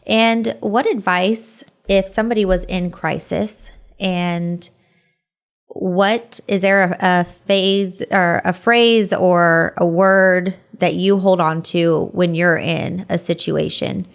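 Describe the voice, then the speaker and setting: A woman's voice: fairly low pitch, steady tone, takes it slowly, creaky. A woman hosting a podcast interview, encouraging her guest with frequent short affirmations. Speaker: podcast host. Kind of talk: conversational interview.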